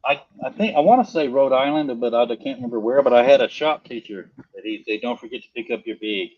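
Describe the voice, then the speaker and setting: A man's voice: medium pitch, quick pace, highs cut off. A middle-aged man co-hosting a live stream, chatting in a goofy, joking, rambling way. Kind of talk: casual live-stream chat.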